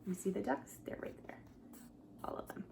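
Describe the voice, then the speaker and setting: A woman who teaches pre-K, reading a picture book aloud to young children at home, acting out the animal sounds and asking them to join in, sometimes dropping to a whisper. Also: moderate pace. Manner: drops to a whisper at quiet moments. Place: her home, by a coffee table.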